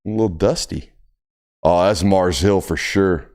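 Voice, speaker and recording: A man's voice: deep voice, unhurried, a little mellow. A young man hosting a casual sports talk show, telling stories in a laid-back, drawling way. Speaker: podcast host.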